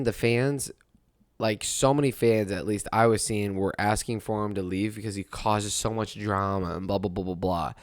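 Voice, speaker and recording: A young adult man hosts a casual sports talk podcast monologue, rambling ruefully and laughing at his own misery. His lowish voice comes through in clean studio sound with no room sound.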